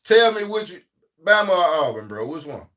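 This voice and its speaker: A man with a Southern US accent hosting a casual livestream, talking in a loose, rambling way that swings between loud and quiet. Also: sits high, very animated, moderate pace, recorded from a distance. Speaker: livestream host.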